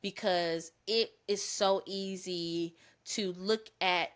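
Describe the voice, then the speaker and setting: A woman's voice: fairly low pitch, steady tone, clear, resonant tone. A woman co-hosting a podcast in casual chat, often echoing and affirming her co-host. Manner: chimes in with quick affirmations and echoes.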